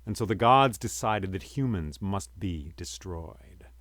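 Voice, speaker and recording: A male storyteller gives voice to an immortal old man who outlived the great flood. He speaks low and solemnly, in a slow storytelling cadence. The sound is dry and close. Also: expressive, fairly bright tone, dry recording.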